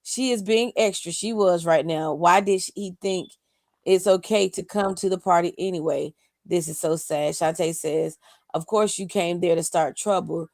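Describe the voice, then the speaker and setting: A woman with a lowish, gravelly voice reads viewer comments aloud on a live talk stream. She throws in dry, sassy asides between the comments. Her voice sits close and dry, with no room sound. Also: normal speed, darkish tone, dry recording. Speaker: co-host reading viewer comments.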